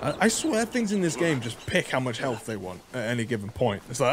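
Man, mid-pitched, lively gameplay commentator; loud game sounds and clicks under the voice. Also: a little fast, noisy background. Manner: excitable, exclaiming and joking. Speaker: gaming YouTuber.

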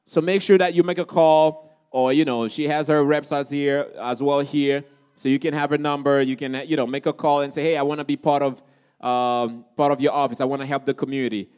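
A man from Haiti hosts a campus celebration, his voice pitched high and smooth. He keeps the energy up, calling out to the crowd and firing off questions. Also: fairly even intonation, a little fast, a little mellow. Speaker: event emcee. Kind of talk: lively event hosting. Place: college campus event.

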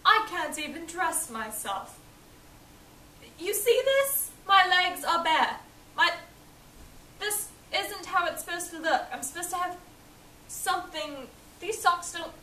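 A woman's voice: extremely high pitch, expressive, slow pace, pauses often, bright, forceful tone, full character voice. A woman playing a spoiled, petulant young boy earl in a fan cosplay skit, with a whiny, ranting manner. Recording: echoey room, voice from a distance, faint hiss.

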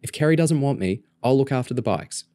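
A man voicing an eager, stubborn ten-year-old girl who sounds excited. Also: medium pitch, a little fast, no echo, studio quality, pitched above the performer's own voice, close to an everyday voice.

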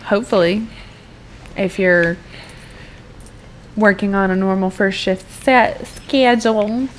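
A woman's voice: medium pitch, a little hiss or hum. A young American woman giving casual, rambling gameplay commentary and swearing freely as she plays. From United States. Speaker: gaming YouTuber.

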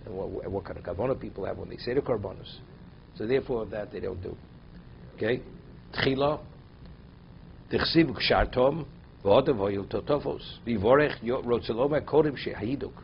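A man's voice: on the low side, vocal fry, dull audio, a little hiss or hum. Man teaching a text-based halacha class. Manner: reads Hebrew text aloud, then explains it in English. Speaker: Torah teacher.

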